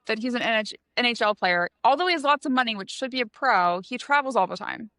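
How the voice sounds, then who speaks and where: A woman co-hosting a casual book podcast, chatting with quick asides. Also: on the high side, lively intonation, pushed and bright, dry recording. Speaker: podcast co-host.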